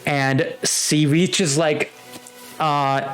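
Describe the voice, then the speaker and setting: A young man narrating a tabletop game as game master, halting with fillers and little chuckles. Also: fairly high pitch, fairly even intonation, a bit bright, clear, resonant tone, soft background music.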